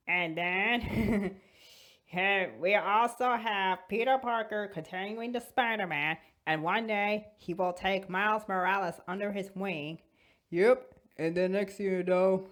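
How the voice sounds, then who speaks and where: Woman telling a fan story on her toy channel, bubbly and giggly, mid-pitch voice. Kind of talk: casual fan chat.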